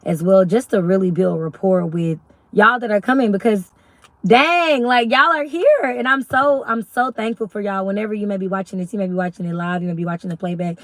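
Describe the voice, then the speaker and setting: A woman's voice: fairly quick, no echo. A young woman from Arkansas with a Southern accent, chatting casually and rambling on a live stream as a YouTube host. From Little Rock, Arkansas. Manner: chatty, rambling, faith-filled talk with lively pitch jumps.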